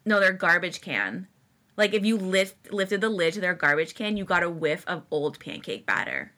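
A young woman co-hosting a podcast, playful and chatty as she jokes with her friend. Her voice sits fairly low but sounds bright and sharp. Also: very animated, moderate pace. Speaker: podcast co-host. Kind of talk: casual chat.

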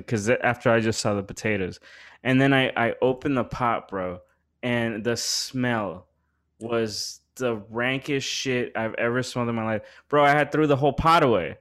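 This man hosts a podcast and tells a story in casual, meandering chat full of slang and profanity, his voice rising as he gets worked up. His voice is medium in pitch, fairly bright, clear and resonant, at a normal speed.

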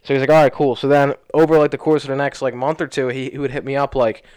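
A man's voice: mid-range voice, smooth, no echo. A young man co-hosting a podcast, rambling through a story in casual chat and leaning on "like" as he retells it. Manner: rambling, fast, lots of "like", animated retelling. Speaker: podcast co-host. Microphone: studio podcast mic.

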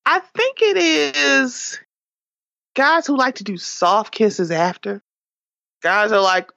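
A woman guest on a podcast, chatting casually, animated and profane, often laughing. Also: fairly high pitch, takes it slowly, creaky, long pauses, no room sound, muffled recording. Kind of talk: casual chat.

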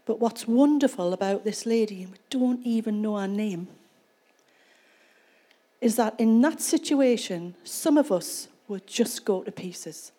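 A woman's voice: on the high side, animated, a little slow, dark tone. A woman preaching a sermon in church, retelling a scripture passage and explaining it in a conversational way. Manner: conversational storytelling, reads scripture then explains it.

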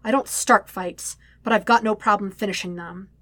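A woman's voice: medium pitch, steady tone, normal speed, a bit bright, no echo, close to an everyday voice. A woman voicing a young man who snaps back firmly and refuses to back down. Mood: defiant. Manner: firm, snapping. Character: stern, defiant young man standing his ground. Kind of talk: audiobook reading.

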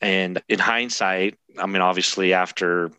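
A man's voice: deep voice, fairly even intonation, unhurried, bright, forceful tone, smooth, dry recording. A man in his thirties, a podcast guest, telling a personal story in a candid, self-deprecating way with frequent laughs. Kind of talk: storytelling in conversation.

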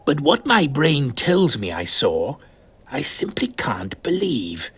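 A man with an English accent narrating a comic story as a pompous elderly gentleman adventurer who uses posh, old-fashioned slang. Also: medium pitch, sing-song, slow, slightly rough. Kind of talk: comic first-person narration.

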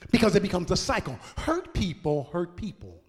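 Very animated and speaking at normal speed, a male pastor delivers a sermon in a high, ringing voice. He climbs into shouted, half-sung cadences and drops to low, chatty asides to his congregation, with the sanctuary's long reverb around him.

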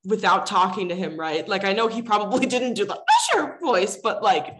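A woman's voice: medium pitch, a little fast, fairly bright tone. A woman co-hosting a podcast in casual chat, who swears freely and laughs often. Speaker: podcast co-host. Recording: roomy echo.

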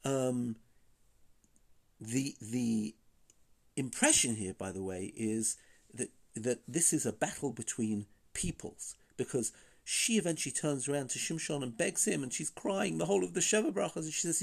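A man of middle pitch teaches a Bible story in a loose, conversational manner. He asks rhetorical questions, hesitates with fillers, and reads Hebrew verses aloud before translating them. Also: animated, moderate pace, creaky, slightly rough. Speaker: Bible teacher and podcast host. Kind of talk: informal spoken Bible lesson.

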